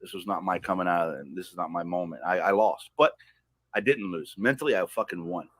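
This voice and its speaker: A man on a podcast telling a personal story in a heated, profane way, swinging from loud outbursts to hushed asides. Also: low voice, brisk, dry recording. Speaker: podcast guest.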